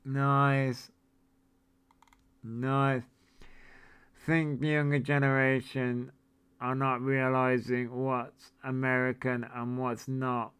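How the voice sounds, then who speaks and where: A man's voice: medium pitch, little pitch movement, takes it slowly, pauses often, a bit bright, smooth. A man in his forties hosting a casual livestream, reading viewer comments and ranting in a sweary, incredulous, rambling way. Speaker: livestream host.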